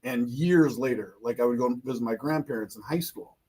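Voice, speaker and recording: A man's voice: medium pitch, fairly quick, warm tone. A man co-hosting a live radio talk show in a studio, talking in a friendly, chatty way and repeating phrases. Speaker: radio co-host and real estate agent.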